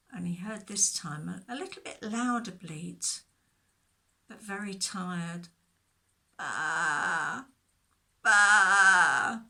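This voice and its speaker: A woman telling a Bible story to children, expressive, with whispered asides. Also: fairly low pitch.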